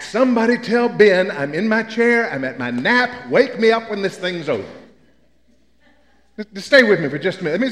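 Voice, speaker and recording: An older man from Memphis preaches in a church sanctuary, telling folksy, humorous stories. His voice is high and fairly bright, and the church hall gives it an echo.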